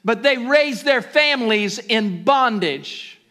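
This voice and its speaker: A male pastor preaching a sermon in a high, bright, forceful voice. He shifts between hushed, conversational asides and loud, rising exhortations to his congregation. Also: animated, slow pace. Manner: preaching with sudden loud rises and quiet asides.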